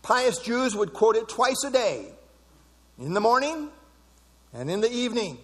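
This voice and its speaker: A male preacher with a high voice delivers an emphatic sermon and repeats key words for stress. His voice rings with a long reverb in a large hall. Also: sing-song, measured pace, fairly bright tone. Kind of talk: expository sermon.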